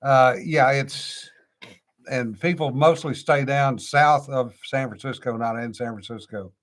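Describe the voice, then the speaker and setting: A man's voice: mid-range voice, steady tone, measured pace. A middle-aged man with a slight Cajun accent, co-hosting a casual chat in a laid-back, drawling way. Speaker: podcast co-host.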